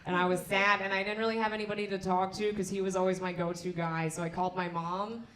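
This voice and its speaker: A woman's voice: medium pitch, little pitch movement, quick pace, a bit bright. A young female comedian with a mid-range voice, candid and self-deprecating, talking straight to the crowd. Her handheld mic picks up the echo of the club around her. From Argentina (family). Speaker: stand-up comedian. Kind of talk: stand-up set. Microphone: handheld stage mic. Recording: roomy club sound.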